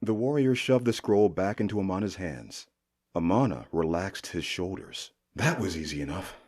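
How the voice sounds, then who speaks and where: Here a man reads a fantasy story as an audiobook at normal speed, his voice low, husky, dark and mellow. He narrates expressively, letting his pitch rise and fall lively within the lines.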